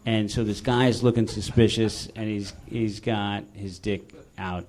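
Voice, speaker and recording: A man hosting a live comedy show, telling a story with an animated delivery that jumps into loud high-pitched shouting. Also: measured pace. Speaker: comedian host. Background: audience laughter and noise.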